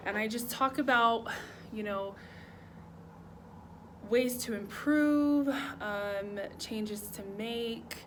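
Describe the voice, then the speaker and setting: A woman's voice: a little high, drawn-out words, long pauses, a bit bright, a little hiss or hum. A young adult woman talking to her vlog viewers in a chatty, upbeat way, laughing often and dropping into whispers. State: out of breath. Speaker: vlogger. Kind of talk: casual motivational vlog talk. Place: outdoors at first, city noise.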